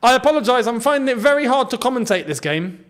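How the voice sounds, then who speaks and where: A man calls a football match live as he watches it, his voice sitting high and leaping all over the place. He drifts between low mutters and shouts whenever the game turns. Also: quick pace. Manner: excitable, swings between muttering and shouting at goals.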